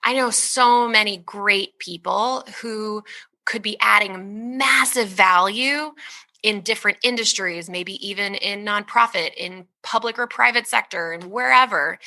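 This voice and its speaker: A woman in her thirties, a guest author talking in an interview, energetic and expressive and laughing often. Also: medium pitch, unhurried, creaky. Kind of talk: conversational interview talk.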